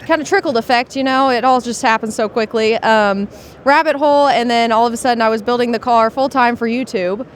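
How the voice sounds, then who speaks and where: With a fairly high voice and a little hiss or hum in the background, a woman who builds cars and makes videos about them chats through her project. It's a casual interview on a busy trade show floor, and she sounds talkative yet matter-of-fact.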